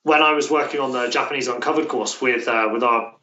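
A man's voice: mid-range voice, steady tone, quick pace, bright, forceful tone. British man, distant and roomy. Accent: British English. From Britain. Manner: chatty, frequent restarts and fillers. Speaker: guest, language coach. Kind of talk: casual interview chat. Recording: roomy, distant, dull remote-call sound.

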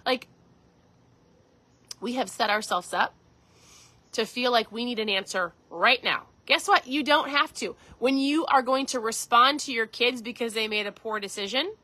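Bright-voiced earnest woman podcaster. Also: fairly high pitch, moderate pace, pauses often, low-quality recording. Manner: earnest, conversational, addresses listeners directly. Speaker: podcast host. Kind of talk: casual motivational talk.

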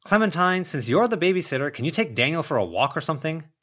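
A man voicing a practical, impatient woman in an audiobook reading, scolding loudly. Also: on the high side, very animated, fast, pitched above the performer's own voice. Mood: exasperated. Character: brisk, exasperated older woman, practical.

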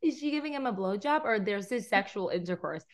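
A young woman hosting a casual podcast chat, giggly and animated, swearing freely. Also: medium pitch, a little fast, crowd noise. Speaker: podcast host.

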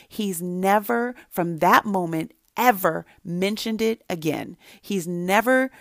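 A woman's voice: mid-range voice, no echo, clean studio sound. A middle-aged woman giving an earnest faith-based talk to mothers, telling a personal story with emphatic repetition. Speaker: Christian speaker to mothers.

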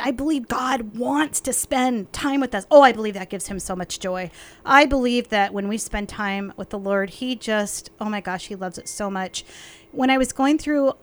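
A woman co-hosting a faith podcast, talking in an effusive, emotional way with frequent laughter. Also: on the high side.

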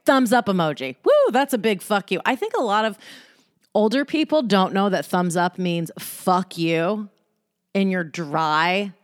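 A woman's voice: mid-range voice, sing-song, unhurried, no echo. Candid, joking woman host, dry sound. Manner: candid, joking, profane asides. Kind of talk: casual self-help monologue.

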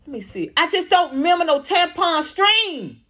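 A woman's voice: extremely high pitch, sing-song, normal speed, fairly bright tone. A woman ranting bluntly and sarcastically as she comments on celebrity gossip.

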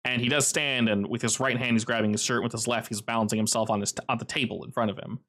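A man running a tabletop role-playing game, narrating scenes in a steady, descriptive way. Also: medium pitch, fast. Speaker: game master.

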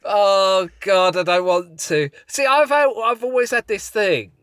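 A man's voice: high-pitched, expressive, unhurried, fairly bright tone, smooth, dry recording, clean studio sound. A man co-hosting a podcast in casual comedic chat, rambling as he sets up scenarios. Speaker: podcast co-host.

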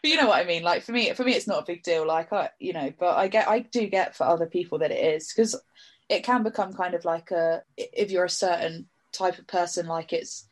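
A young woman in casual chat, talkative and quick to laugh, acting out the people she quotes. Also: lowish voice. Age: young adult. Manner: chatty, laughing often, acts out quoted voices.

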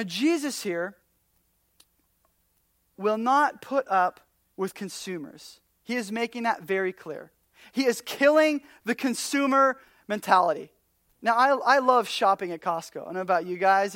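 A man preaching a casual sermon, telling stories and acting out little quotes, swinging from loud bursts down to near-whispers. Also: high voice, no echo. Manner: animated storyteller, acts out quotes, drops to near-whispers. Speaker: pastor.

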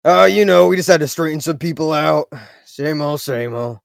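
Brash, swaggering male player; gravelly, a bit high. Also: normal speed, dry recording, clean studio sound. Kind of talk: playing a pimp character in a tabletop game.

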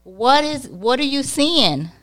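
Giggly, animated young woman. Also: sits high, takes it slowly. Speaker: podcast co-host. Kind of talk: casual podcast banter.

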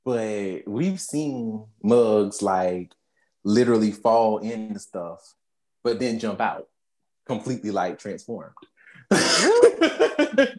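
Speaking slowly in a mid-range voice, a podcast co-host gives a casual movie recap. The delivery is animated and laughing, with quotes acted out and swearing sprinkled freely throughout.

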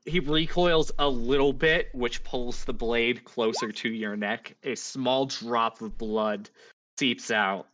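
Male game master, unhurried delivery, bright tone, plain combat narration. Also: medium pitch. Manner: describes action plainly, prompts players for rolls.

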